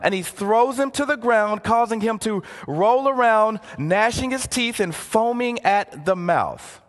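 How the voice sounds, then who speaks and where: A man preaching a sermon as a pastor, dramatic in delivery, dropping to hushed phrases to stress a point. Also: sits high, lively intonation, unhurried, big-room sound. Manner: dramatic, drops to near-hushed phrases for emphasis. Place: church sanctuary.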